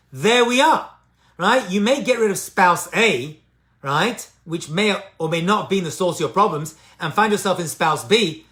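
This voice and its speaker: A man with a high-pitched, fairly bright voice gives an informal talk about addiction recovery and spiritual growth. Conversational and personal, he peppers it with "right?" and "you know," hammering his points home by repeating key phrases.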